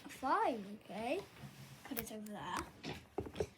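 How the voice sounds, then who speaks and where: A woman with a high voice hosts a casual vlog chat. She fires off short, brisk questions and moves quickly from one to the next. Clear background noise runs under her voice. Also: big pitch swings. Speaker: vlog host.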